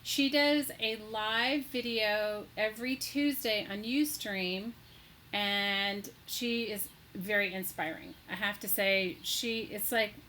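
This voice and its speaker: A woman's voice: mid-range voice, bright, forceful tone, slight background noise, low-quality recording. A woman hosting a casual live crafting stream, chatty and greeting viewers by name, gushing with delight. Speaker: craft livestream host.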